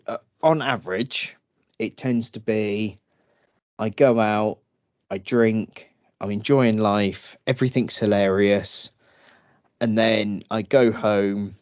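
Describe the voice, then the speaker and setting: A man co-hosting a relaxed podcast chat. His voice sits a little low and unhurried, and he laughs through his own stories. The sound is close and dry. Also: no echo. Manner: slow, laughing storytelling with acted drunk voices. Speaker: podcast co-host. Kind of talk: casual chat.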